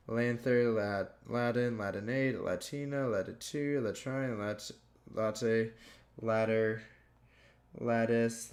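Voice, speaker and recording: A man slowly reading dictionary words aloud one by one, stumbling and restarting now and then. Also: lowish voice, darkish tone. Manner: slow, plodding word-by-word reading with stumbles. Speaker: gaming youtuber.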